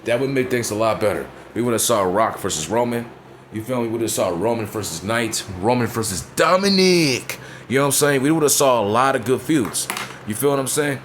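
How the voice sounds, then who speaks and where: A man's voice: mid-range voice, animated, a little fast, a little hiss or hum. A man ranting in a blunt, profane way in casual talk, often asking if you know what he's saying. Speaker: wrestling commentator vlogger. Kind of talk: casual opinion rant.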